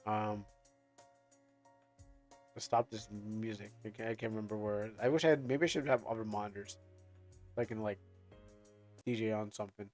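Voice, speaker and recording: A man's voice: fairly low pitch, fairly even intonation, normal speed, long pauses, a little mellow. Rambling male streamer over faint music. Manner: rambling, filler-heavy, restarts often. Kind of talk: casual stream chat.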